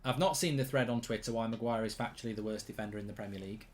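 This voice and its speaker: A man hosting a live football watchalong, reading chat messages and reacting excitedly to goals. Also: on the low side, rapid-fire. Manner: excitable, bursts out loud when goals go in.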